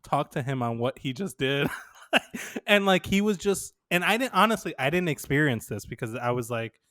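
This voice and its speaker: With a slightly high voice at normal speed, a man co-hosting a podcast animatedly tells stories, laughing a lot and performing quoted lines. The sound is clean studio audio with no room sound.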